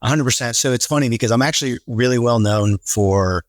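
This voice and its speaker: A man in a casual podcast conversation, telling stories with animated quoted voices. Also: mid-range voice, fairly quick, no room sound, studio quality. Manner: animated storyteller, acts out quotes. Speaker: real estate team leader, podcast guest.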